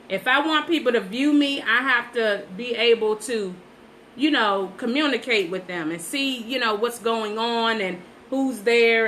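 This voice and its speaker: Slow-talking, bright-voiced woman livestreaming. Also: fairly high pitch, slight background noise, poor audio. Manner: chatty, repeats herself, talks straight to viewers. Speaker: livestream host painting sunflowers. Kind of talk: casual live-stream chat while painting. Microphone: phone.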